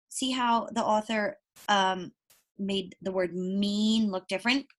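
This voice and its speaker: A woman's voice: mid-range voice, slow. A woman, a teacher, reading a picture book aloud and talking expressively about it, asking her listeners questions.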